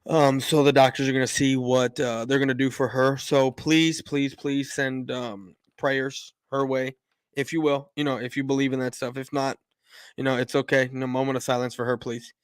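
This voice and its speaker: A man's voice: medium pitch, level tone, moderate pace, clear, resonant tone, dry recording, studio quality. A man hosting a casual livestream, rambling with many fillers and restarts, greeting viewers in the chat and sounding a little choked up. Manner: openly emotional, a little choked up. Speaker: livestream host.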